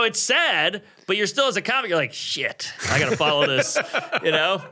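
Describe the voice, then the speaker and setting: A man's voice: high-pitched, moderate pace. A man telling a comic story in casual chat, swearing freely and acting out the people in it. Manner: animated, swearing, acts out voices in his stories. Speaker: comedian guest.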